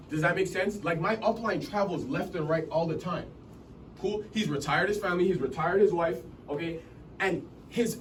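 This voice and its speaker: A man's voice: sits high, slight background noise. A man in his twenties from Massachusetts gives a motivational talk to a room, chatting casually and often checking that his listeners follow. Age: 20s. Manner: casual, keeps checking in with the audience. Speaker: motivational speaker at a business meeting. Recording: distant mic in a room with faint ambience.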